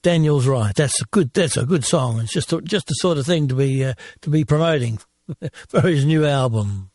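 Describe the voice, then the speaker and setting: A male radio host back-announcing a song in an unhurried, amiable way. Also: medium pitch, darkish tone, dry recording, clean studio sound.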